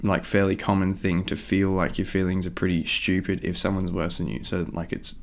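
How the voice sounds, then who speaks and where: A man's voice: deep voice, little pitch movement, brisk, creaky. A young man chatting casually and rambling about a song before playing his cover, with lots of "like" and "um". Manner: rambling, easygoing, full of "like" and "um". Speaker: musician doing a cover.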